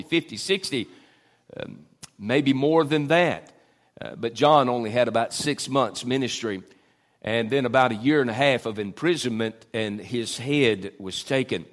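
Middle-aged pastor mid-sermon, mid-range voice, fillers, climbs for emphasis. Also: male voice, medium pitch. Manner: preaching with frequent "uh" fillers, rising for emphasis.

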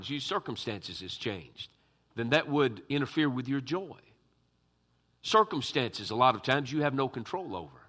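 A man delivers a sermon in a bright, forward voice, leaning hard on key words and drifting into folksy asides. He talks with filler words and a relaxed, conversational warmth toward the congregation. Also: medium pitch. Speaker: pastor.

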